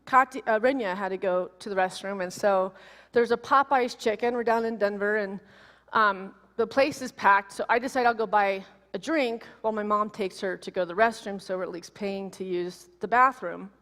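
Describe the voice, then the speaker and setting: A woman minister in her forties giving a sermon, telling a personal story in an animated, emotional way. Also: mid-range voice, moderate pace. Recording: long reverb of a large hall.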